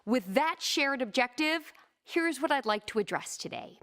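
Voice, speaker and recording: Brief: woman speaking coach, high voice, measured scripted delivery. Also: animated, a bit bright. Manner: crisp, measured advice with acted example quotes. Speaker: presentation coach. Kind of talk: scripted instructional narration.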